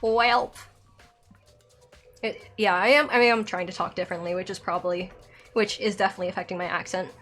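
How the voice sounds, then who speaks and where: A woman's voice: lowish voice, fairly even intonation, brisk, long pauses, a bit bright, soft background music. A young woman streamer with a Southern accent and a slight lisp, rambling through a game playthrough with lots of filler likes. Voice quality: slight lisp from a dental aligner. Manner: rambling, self-conscious, many filler likes. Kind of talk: live-streamed game playthrough, reading dialogue aloud.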